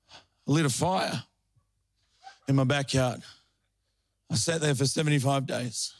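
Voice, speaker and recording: A man's voice: a little high, dry recording, studio quality. A middle-aged man preaching a sermon, telling a story and then rising into fervent preaching. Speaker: pastor.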